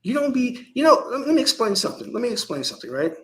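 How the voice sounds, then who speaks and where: Male priest, spiritual talk, preachy and emphatic, pitch swinging all over. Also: big pitch swings, fast, poor audio. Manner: emphatic, preachy, lots of restarts. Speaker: Kemetic priest. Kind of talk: spiritual lecture monologue.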